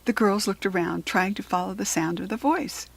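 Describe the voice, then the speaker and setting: An American woman reads a children's storybook aloud, clear and expressive. Her voice is a little husky and breathy, at an ordinary pitch. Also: moderate pace, no room sound. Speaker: children's book reader.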